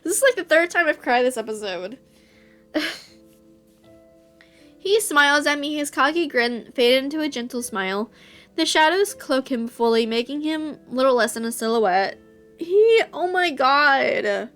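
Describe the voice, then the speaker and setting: Woman with a high voice reading a visual novel aloud, emotional reactions, faint music under. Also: measured pace. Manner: emotional, bursts into excited reactions.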